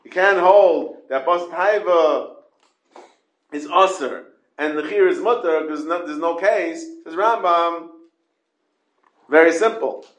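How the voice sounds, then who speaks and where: Man, Talmud class lecture, repeats and stresses points, a bit high, echoey room. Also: a little slow, long pauses, a bit bright. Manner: explains in repeated questions, stressing key words. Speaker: Talmud teacher.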